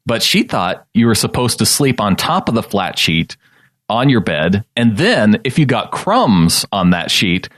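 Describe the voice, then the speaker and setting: A man's voice: lowish voice, big pitch swings, a little slow, fairly bright tone, dry recording, studio quality. A man co-hosting a sports podcast in casual chat, joking and laughing often, acting out quoted lines. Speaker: podcast co-host.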